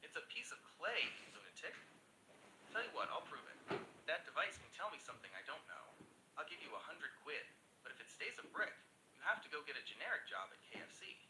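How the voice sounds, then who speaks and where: A man's voice: big pitch swings, fairly quick. An AI man's voice reading a stuffy male official in a suit. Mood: snooty. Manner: spoken by an AI voice. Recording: echoey with faint rumble.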